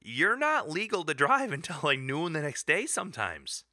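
A man chatting on a podcast, bright and lively in pitch, with a storyteller's jokey manner. He laughs often. The sound is dry and close. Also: moderate pace, no echo. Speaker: podcast co-host. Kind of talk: casual chat.

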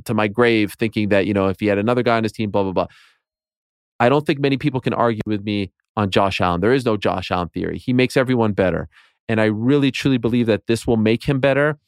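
A man's voice: lowish voice, smooth, no room sound, studio quality. Passionate man in his late 30s. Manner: passionate, rants with rising intensity. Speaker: guest. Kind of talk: casual sports chat.

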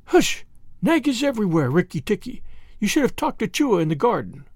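A man's voice: high voice, very animated, brisk, a little mellow, no room sound, pitched above the performer's own voice, full character voice. A man voicing a timid, broken-hearted little male muskrat in a storybook reading, pleading and close to tears. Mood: tearful pleading. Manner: tearful, pleading, sobbing.

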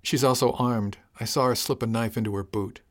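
A man's voice: mid-range voice, steady tone, a little fast, lightly acted. A man reading an audiobook, voicing a wary, earnest young male spacer who answers in hesitant, clipped replies. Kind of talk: audiobook character voice.

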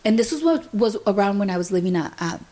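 A young woman hosts a podcast and talks in a loose, chatty way. She peppers her sentences with "like" and retells what happened by quoting people. Her voice sits at an ordinary middle pitch for a woman. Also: expressive, fast, warm tone. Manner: chatty, fills speech with "like", retells events through quoted dialogue. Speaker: podcast host. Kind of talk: casual storytelling chat.

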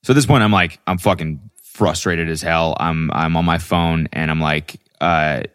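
A man's voice: low-pitched, normal speed, fairly bright tone, clear, resonant tone. A man, hosting a solo podcast and telling a story in a rambling, profane way with lots of fillers. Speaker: podcast host.

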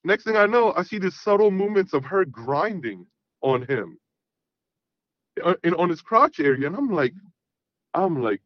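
A man's voice: high voice, big pitch swings, moderate pace, pauses often, no echo. A man telling a long personal story in casual, rambling talk, full of swearing and "I'm like" asides. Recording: dull lo-fi sound.

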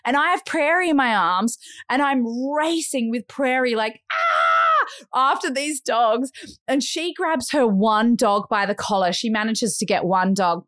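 A woman's voice: a little high, moderate pace, a bit bright, dry recording, studio quality. An Australian woman in her thirties, a podcast co-host telling a story in casual chat. She talks animatedly, acts out other people's voices and says "like" a lot.

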